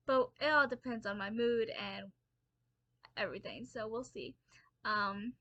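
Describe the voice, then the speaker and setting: A woman's voice: on the high side, sharp tone, no room sound. Tired young woman chatting to camera. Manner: rambling, many fillers and restarts, laughs at herself. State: tired, early-morning exhausted. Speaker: book vlogger. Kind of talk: casual chat to camera.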